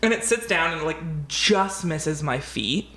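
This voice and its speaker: Expressive female podcast co-host, casual storyteller who swears freely; slightly echoey room. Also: low voice, a little slow. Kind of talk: casual chat, animated storytelling. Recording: roomy echo.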